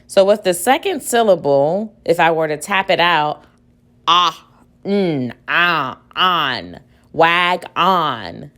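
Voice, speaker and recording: Slow, patient woman teaching a reading lesson. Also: mid-range voice. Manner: slow, patient, models sounds aloud. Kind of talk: recorded reading lesson for children. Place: at home.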